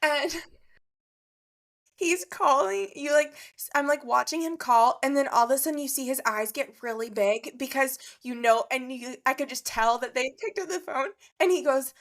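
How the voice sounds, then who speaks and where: A woman's voice: high voice, moderate pace, fairly bright tone. A woman co-hosting a podcast, telling a story in casual chat and laughing often. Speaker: podcast co-host.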